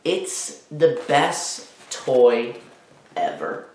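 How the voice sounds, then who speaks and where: A man, a teacher, reading a children's book aloud and talking warmly to young listeners. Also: mid-range voice, animated, drawn-out words, a little hiss or hum. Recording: roomy echo.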